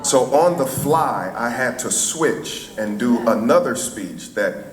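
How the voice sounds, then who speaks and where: A man's voice: medium pitch, animated, slow. A middle-aged man from St. Louis, a chaplain, telling a folksy story to an audience. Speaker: chaplain and speaker. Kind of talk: storytelling before a speech. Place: event hall. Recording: echoey hall, faint ambience.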